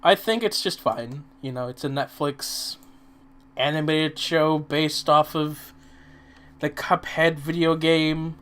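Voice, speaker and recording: Slow-talking slightly hoarse man. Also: fairly high pitch, a bit bright. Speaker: co-host. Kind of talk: casual chat.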